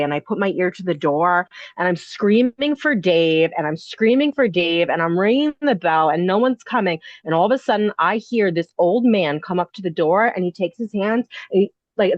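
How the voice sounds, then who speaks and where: A woman's voice: medium pitch, no echo. A woman, an inn owner and podcast guest, telling a personal ghost story in a breathless, rambling way full of "like" and "you know". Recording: dull, dry lo-fi audio.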